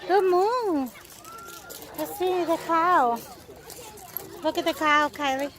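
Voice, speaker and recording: A mother vlogging outdoors at a farm, talking slowly to her toddler in coaxing baby talk and making animal sounds. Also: extremely high pitch, fairly bright tone. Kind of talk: casual vlog narration while talking to a toddler. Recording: noisy outdoor camera audio. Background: outdoor noise and animals.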